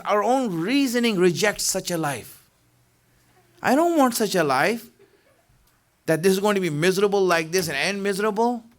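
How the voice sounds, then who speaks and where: A middle-aged man preaches a Ramadan lecture in a casual, talking style. He fills his sentences with "you know" and keeps asking his listeners questions. His voice sits high and swings widely in pitch. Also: fairly bright tone. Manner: conversational, rhetorical questions, frequent "you know".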